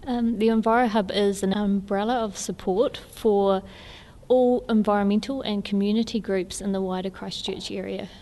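A woman with a New Zealand accent, an environmental hub coordinator, answering interview questions in an informative, steady way with fillers. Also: mid-range voice, normal speed, big-room sound. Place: kiosk in botanic gardens.

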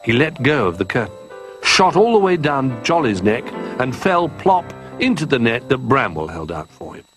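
A man reading a children's picture-book story aloud in an expressive, animated way. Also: mid-range voice, normal speed, faint music behind.

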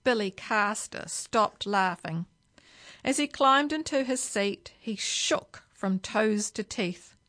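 Woman reading a picture book to kids, unhurried and expressive, with a crisp, bright tone. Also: medium pitch. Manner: slow, expressive storytelling. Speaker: children's story reader at a library.

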